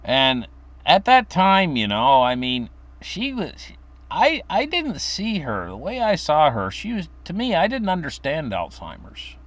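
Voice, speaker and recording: A man's voice: huge pitch swings, a little slow, fairly bright tone. An older man casually telling a story from his childhood, rambling with fillers and restarts. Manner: acts out quoted voices in a high pitch.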